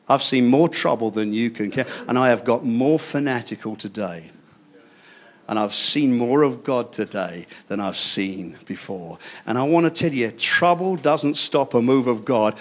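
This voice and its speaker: An older man preaching a fervent sermon, swinging between hushed asides and loud declarations. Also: medium pitch.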